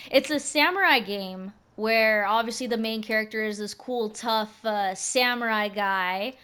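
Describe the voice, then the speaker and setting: Young woman, streamer, casual gaming chat, slangy, swears a lot, a bit high-pitched. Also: unhurried, clear, resonant tone. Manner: expressive, swears freely, slangy asides.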